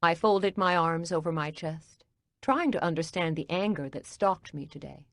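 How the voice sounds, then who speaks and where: A woman reading a cozy mystery audiobook as narrator, in a calm, even storytelling manner. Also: lowish voice, normal speed, no echo, studio quality.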